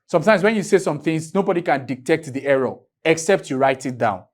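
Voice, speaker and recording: A man from Nigeria teaching an English grammar lesson in a classroom, writing on a board, drawing out key words and firing questions at his students. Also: fairly high pitch. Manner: drawn-out, emphatic teaching with repeated questions to students.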